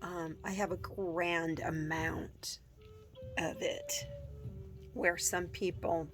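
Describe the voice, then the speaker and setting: A woman talking casually to her viewers, rambling with many pauses and filler words, dropping into soft whispers now and then. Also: on the low side, steady tone, over music. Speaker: vlogger. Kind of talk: casual talk to camera.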